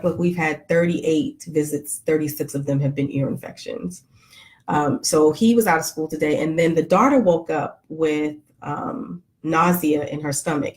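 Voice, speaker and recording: A woman's voice: sits low, darkish tone. A middle-aged woman vlogger chatting casually to live viewers, joking and greeting them by name.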